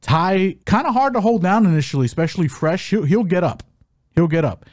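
His voice is high-pitched and a little fast, captured with studio quality and no echo. Co-hosting a fight betting podcast, he chats about matchups animatedly, joking around and slipping in hype-announcer lines.

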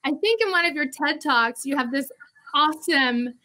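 A woman's voice: sits high, lively intonation, normal speed, pushed and bright. A woman hosting a livestream interview over a video call, speaking in a casual, chatty way with many fillers. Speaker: host, interviewer.

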